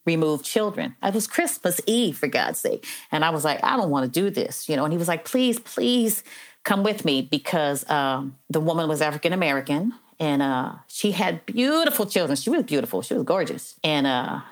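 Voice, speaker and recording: A woman's voice: sits low, lively intonation, a little fast, hardly any pauses. A middle-aged woman, a probation officer, telling stories in an interview in an earnest, heartfelt way with many "you know" fillers. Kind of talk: conversational storytelling interview.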